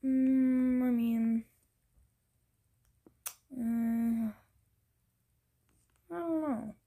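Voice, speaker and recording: A young woman giving casual gameplay commentary, thinking aloud, getting excited and now and then dropping into whispers. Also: fairly high pitch, very slow. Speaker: gaming video creator. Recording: faint background noise.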